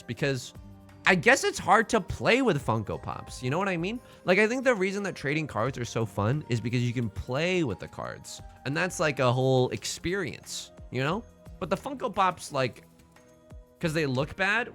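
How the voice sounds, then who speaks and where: A man's voice: on the high side, fairly bright tone. A young man chatting casually on a livestream while he plays, joking and rambling through playful asides. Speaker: streamer.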